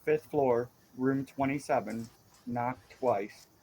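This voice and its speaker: A man's voice: medium pitch, slow, darkish tone, a little hiss or hum, lightly acted, rough recording. Polite innkeeper woman, voiced by a man. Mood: courteous. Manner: courteous, formal phrasing.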